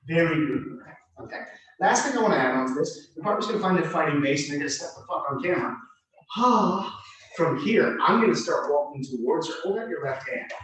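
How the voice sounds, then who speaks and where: A man teaching a self-defense drill, giving calm, reassuring, repeated cues to a student. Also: on the high side. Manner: reassuring, repetitive coaching cues. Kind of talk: coaching a drill. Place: martial arts gym. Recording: very echoey room, from far off.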